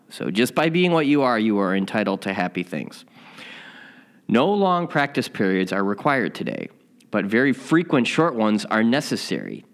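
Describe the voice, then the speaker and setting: Guy with a lower voice rambling thru a story, pokes fun at himself, teaching a spiritual lesson. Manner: rambling, candid, self-mocking. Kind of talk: casual storytelling, then reading a lesson.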